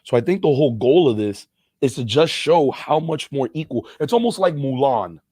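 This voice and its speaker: A man's voice: mid-range voice, very animated, moderate pace, mellow, breathy edge, no echo, studio quality. A man co-hosting a casual podcast, laid-back and slangy, talking straight to the listeners. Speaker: podcast co-host.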